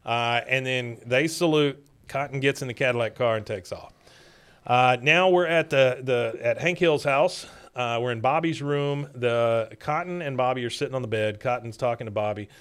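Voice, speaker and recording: A young adult man co-hosting a podcast, retelling a cartoon episode in casual chat and dropping into quick voices for the characters. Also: mid-range voice, fairly bright tone, smooth. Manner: retells scenes with quick impressions of the characters, drawling and laughing.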